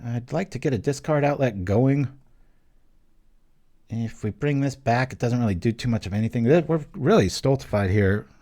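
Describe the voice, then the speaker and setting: A young man hosting his channel, giving casual live commentary on a card game he is playing, thinking aloud with quick jokes and small exclamations. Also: mid-range voice, warm tone.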